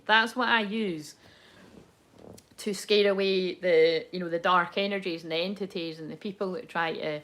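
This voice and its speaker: A young woman talking through a tarot reading in a loose, rambling way. She swears freely, breaks into laughter and drifts between thoughts. Her pitch sits mid-range for a woman. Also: fairly bright tone. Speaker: tarot reader. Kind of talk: casual live tarot chat.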